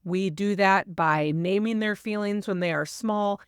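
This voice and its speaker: Calm woman giving parenting advice. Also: medium pitch, measured pace, smooth, no echo, clean studio sound. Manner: calm, explanatory, sometimes animated when modeling phrases. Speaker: parenting podcast host. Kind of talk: advice monologue.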